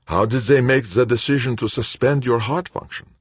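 A man's voice: medium pitch, moderate pace, slightly rough, dry recording, voice pushed up, natural voice. A man voicing a formal, puzzled older doctor who ponders aloud in an audiobook. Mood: pondering.

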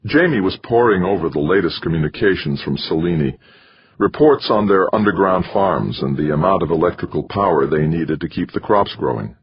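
A man narrating an audiobook in steady storytelling. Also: low-pitched, moderate pace, slightly rough, highs cut off. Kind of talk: scripted narration.

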